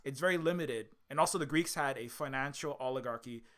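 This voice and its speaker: A man's voice: medium pitch, brisk, a bit bright. A man giving a rambling commentary monologue, firing off sarcastic rhetorical questions and often restarting his sentences. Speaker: video essayist.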